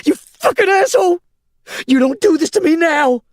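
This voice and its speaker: Audiobook: male narrator as a frantic young woman, high-pitched shouting, desperate pleading. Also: lively intonation, brisk, dry recording, clean studio sound. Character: young woman, frantic and foul-mouthed in a crisis.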